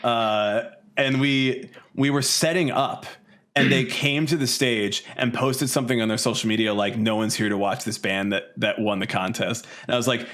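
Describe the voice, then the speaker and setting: Man in his thirties, podcast guest, lively and profane storyteller, mid-pitched voice. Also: normal speed. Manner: animated, profane, laughs while telling the story. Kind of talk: casual storytelling.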